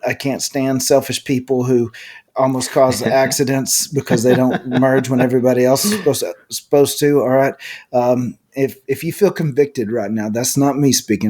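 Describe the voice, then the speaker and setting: A man's voice: medium pitch, normal speed, a little mellow. A man, a pastor, co-hosting a casual faith podcast, talking earnestly and often restarting his sentences. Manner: earnest, repeats words when starting sentences.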